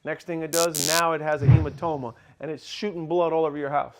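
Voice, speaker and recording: A man's voice: a little high, level tone, fast talker. A man co-hosting a casual podcast about dog breeding, talking emphatically in a lecturing way and acting out little scenes.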